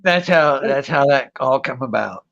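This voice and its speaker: A man's voice: medium pitch, lively intonation, a little slow, vocal fry, a bit bright. Profane, rambling man on a lo-fi stream. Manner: laughing often, profane and rambling. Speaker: co-host. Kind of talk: casual live-stream chat.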